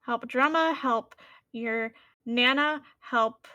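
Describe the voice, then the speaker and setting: A woman speaking as an earnest young adventurer, high-voiced and protective, who pleads steadily with her companions in a tabletop role-play. The voice is high and recorded dry and close. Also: slow, pushed and bright, no echo, highs cut off.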